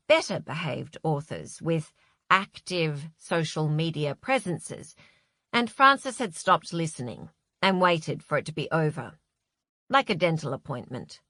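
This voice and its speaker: A woman narrating an audiobook in a measured, expressive storytelling manner. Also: sits low, no echo, clean studio sound. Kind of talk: scripted narration.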